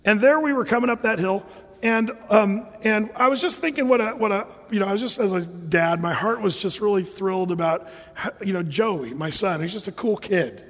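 A middle-aged man preaching a sermon in a church, telling stories in an animated way with loud bursts. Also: high voice, normal speed. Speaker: pastor. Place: church hall. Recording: church hall reverb.

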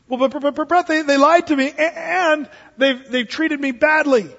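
A man voicing a whiny churchgoer who stammers and complains in a raised pitch. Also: normal speed, fairly bright tone. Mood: aggrieved whining. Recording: echoey hall, dull lo-fi sound.

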